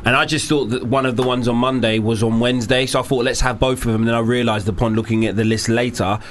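A man hosting a casual podcast quiz game, joking and swearing with friends and sometimes breaking into excited shouts. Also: medium pitch, fast, a little hiss or hum. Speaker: host.

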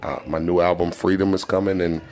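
A man's voice: low voice, level tone, brisk, darkish tone, slight background noise. A rapper in his forties with a Boston accent, talking in a casual interview, laid-back and full of fillers and swearing.

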